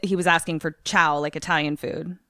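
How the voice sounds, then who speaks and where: A woman's voice: deep voice, steady tone, brisk, sharp tone, dry recording, clean studio sound. A woman co-hosting a podcast, joking and swearing as she plays out what she would do. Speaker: podcast co-host. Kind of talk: casual podcast chat.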